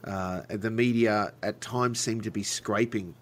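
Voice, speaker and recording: A man's voice: on the low side, fairly even intonation, unhurried, slight background noise. A man interviewing a guest, asking questions with a dry, teasing edge. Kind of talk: casual interview.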